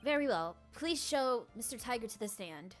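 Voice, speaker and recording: A woman putting on a fussy elderly judge, formal but easily rattled. The voice sits slightly high and careful. Faint music hums behind the game reading. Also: expressive, normal speed, close to an everyday voice. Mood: flustered. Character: flustered elderly male judge.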